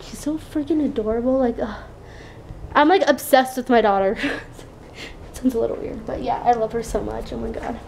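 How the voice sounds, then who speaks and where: Young mom vlogger, high-pitched, casual filler-heavy chat, handheld camera at home. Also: female voice, brisk, gravelly, a little mellow, slight background noise. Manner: chatty, filler-heavy with lots of "like". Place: at home in an apartment, indoors. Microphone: handheld point-and-shoot camera.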